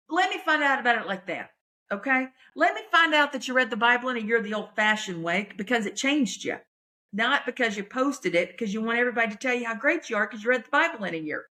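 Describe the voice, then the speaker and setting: A woman comedian, talking in a chatty, folksy, animated way on her podcast. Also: fairly high pitch, fairly quick. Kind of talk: casual chat.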